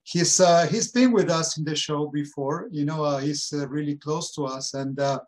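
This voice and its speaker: A man's voice: a little high, moderate pace. A man hosting a podcast, chatting casually and hesitating with many fillers. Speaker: podcast host. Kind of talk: casual chat.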